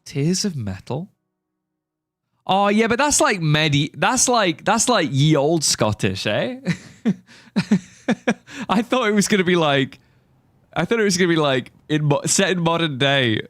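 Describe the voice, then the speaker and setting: A man livestreaming a game in casual chat, excitable and laughing often, with quick exclamations. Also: fairly high pitch, no room sound, studio quality, faint music behind. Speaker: live streamer.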